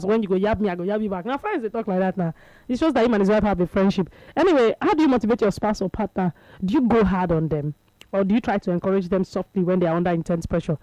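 A woman's voice: medium pitch, dark tone, no room sound, rough recording. A woman with a Nigerian accent hosting a casual radio sports show, chatty and laughing, slipping into Pidgin with many fillers.

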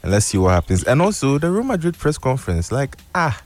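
A man with a Ghanaian English accent hosting a radio show, talking in a lively, playful way with local slang. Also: medium pitch, a little fast. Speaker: radio host. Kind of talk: radio show chat with live ad read.

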